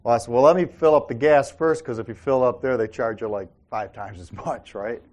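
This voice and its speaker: In a mid-range voice with a darkish tone, this host talks fairly quickly on his faith-based show. He tells personal stories casually, frequently dropping in "right?" and "Amen?".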